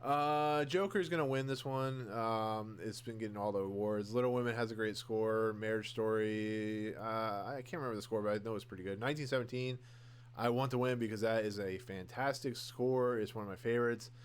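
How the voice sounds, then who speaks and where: A man's voice: on the low side, a little fast, clean tone. A young man hosting a podcast, rambling casually through his opinions with many fillers and restarts, gushing over favorites and candid about dislikes. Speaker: podcast host. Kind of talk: casual solo commentary.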